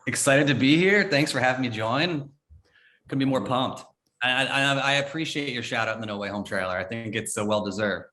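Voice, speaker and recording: An American man in casual podcast chat as a guest, excitable and stumbling over repeated words as he starts sentences. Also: mid-range voice, fairly quick. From United States. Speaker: guest, former entertainment reporter.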